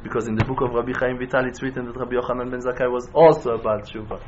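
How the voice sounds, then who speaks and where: A man giving a sermon in full of terms, telling stories in a low voice and then rising into loud, passionate exhortation. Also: fairly even intonation, racing. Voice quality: non-native English with Hebrew terms. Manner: impassioned, swings from hushed storytelling to loud rising exhortation. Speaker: rabbi. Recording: dull lo-fi recording with faint noise.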